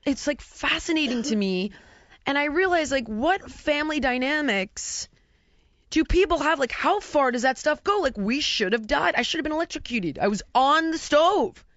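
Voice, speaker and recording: A woman's voice: sits high, expressive, moderate pace, fairly bright tone, dry recording. A woman co-hosting a podcast in casual chat, telling a story with animation and acting out quoted dialogue. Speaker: podcast co-host. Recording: dull, dry lo-fi podcast audio.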